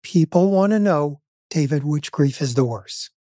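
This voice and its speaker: A man's voice: on the high side, lively intonation, a little slow, warm tone, dry recording, clean studio sound. A man speaking as a grief expert in an interview, telling stories in an earnest, emphatic way. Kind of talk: interview conversation.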